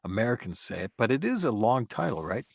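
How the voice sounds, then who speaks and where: A man guesting on a casual podcast as a voice actor, chatting in an animated and playful way, with loud bursts and quieter asides. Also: mid-range voice, fast, gravelly, husky, dry recording. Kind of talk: casual podcast interview chat.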